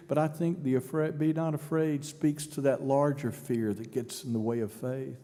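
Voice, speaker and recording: A man's voice: medium pitch, fairly even intonation, normal speed, few pauses, mellow. Preaching man in a reverberant church. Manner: dramatic preaching, voices imagined speakers. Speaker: pastor. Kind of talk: sermon. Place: large church sanctuary.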